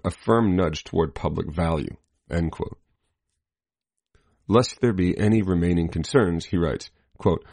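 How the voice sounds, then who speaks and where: A man reading a scripted political commentary in a measured, deliberate way, marking each quotation aloud. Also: low-pitched, darkish tone, no room sound. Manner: spells out quotation marks.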